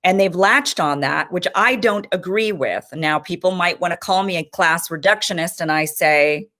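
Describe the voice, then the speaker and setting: A woman's voice: on the low side, normal speed, fairly bright tone. A woman in her thirties giving impassioned, frustrated political commentary as host of her own show.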